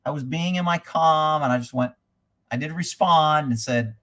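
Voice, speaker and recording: A man's voice: fairly high pitch, normal speed, fairly bright tone. A middle-aged man hosting a casual livestream, blunt and crude, joking and reading viewer comments aloud. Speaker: livestream host reading chat. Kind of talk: casual profane livestream chat.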